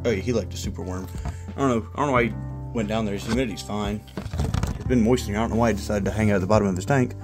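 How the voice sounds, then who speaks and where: A male pet breeder records a casual vlog with a camera mic, talking fast and rambling between explanations. He keeps breaking off to chat to his animals, with faint music under his voice. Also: fairly low pitch. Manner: chatty, rambling, talks to his animals, frequent fillers. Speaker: exotic pet breeder and vlogger. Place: outdoors in a yard with animal pens, partly indoors at reptile tanks.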